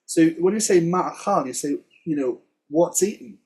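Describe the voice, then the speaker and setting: A man teaching Hebrew words in a relaxed Torah study conversation, chatty and quick to laugh. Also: fairly high pitch, breathy edge. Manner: chatty, laughs often, explains word by word. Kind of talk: casual Torah study chat.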